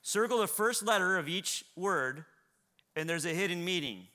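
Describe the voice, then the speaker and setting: A male pastor delivering a dramatic sermon in a church. His voice sits high and rings bright. He swings between ringing near-shouts and hushed low lines. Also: expressive, moderate pace. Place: church hall with congregation.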